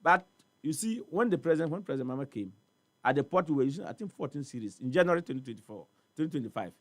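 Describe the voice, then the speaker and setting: Ghanaian guy on a morning talk show, high voice, really dry studio sound, keeps hammering his point with questions. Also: lively intonation, rapid-fire, no echo. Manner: emphatic, repetitive, rhetorical questions. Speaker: studio guest on port trade. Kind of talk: animated talk-show discussion.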